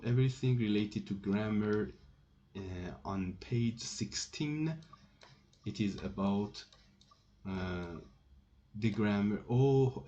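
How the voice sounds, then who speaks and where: A man's voice: fairly low pitch, mellow. A man teaching a language lesson, patiently repeating each example sentence and explaining it step by step. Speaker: French teacher. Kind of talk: slow spoken grammar lesson. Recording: slightly dull lo-fi recording.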